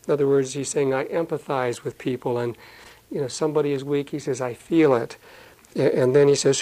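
A man leads a church Bible study in a relaxed, conversational sermon voice at an ordinary middle pitch. He reads the verses slowly and deliberately, then breaks into plain, folksy explanations for the congregation. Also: low-quality recording. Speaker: pastor.

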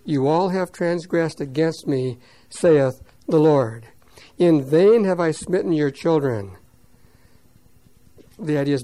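A man teaching verse by verse, reading scripture slowly and loudly, then explaining it quickly in plain words. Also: on the high side, low-quality recording. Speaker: Bible teacher. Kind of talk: verse-by-verse Bible commentary.

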